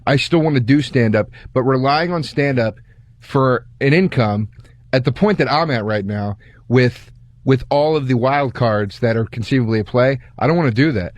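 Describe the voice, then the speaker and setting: A man's voice: medium pitch, normal speed, no echo. A man co-hosting a radio show in casual banter, earnestly rambling through his own plans.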